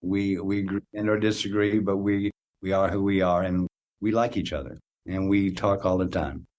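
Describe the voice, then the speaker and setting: A man in his sixties, a guest on an interview podcast, telling anecdotes in a lively way and often repeating words as he goes. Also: deep voice, moderate pace, lo-fi sound. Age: 60s. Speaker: guest actor. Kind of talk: casual interview storytelling.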